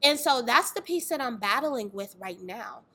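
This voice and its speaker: A young woman, a fitness trainer sharing a candid faith testimony, telling it in a lively way with acted-out voices and exclamations. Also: fairly high pitch, normal speed. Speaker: fitness trainer and dance tour organizer.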